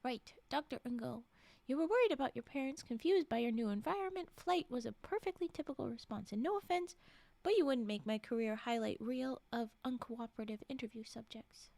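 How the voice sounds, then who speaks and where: A woman's voice: fairly high pitch, fairly quick, vocal fry, darkish tone, dry recording. A young woman streamer reading horror stories aloud, with chatty asides and laughter. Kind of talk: reading aloud with casual commentary.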